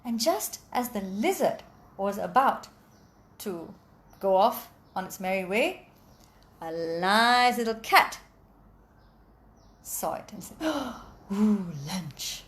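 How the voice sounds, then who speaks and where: A woman telling a folk tale aloud in an animated, expressive way, adding sound effects. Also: medium pitch, takes it slowly, long pauses. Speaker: storyteller. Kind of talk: oral storytelling.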